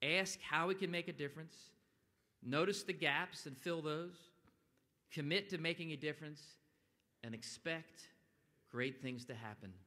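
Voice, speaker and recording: A man giving a motivational speech at a public event, animated and now and then bursting into loud quoted lines. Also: on the high side, unhurried. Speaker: event speaker. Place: large stone atrium. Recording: long echo of a large hall.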